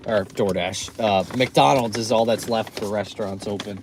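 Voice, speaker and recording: A man's voice: lowish voice, fairly even intonation, moderate pace, few pauses, noisy background. A young man chatting to his viewers while driving for food delivery late at night, tired and yawning. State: sleepy after a long shift. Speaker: food delivery driver vlogger. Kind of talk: casual vlog chat while driving. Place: inside a car.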